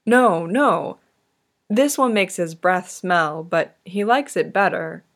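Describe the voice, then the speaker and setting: A woman voicing a playful, affectionate young man, spoken softly and easily. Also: fairly low pitch, lively intonation, slow pace, exaggerated voice.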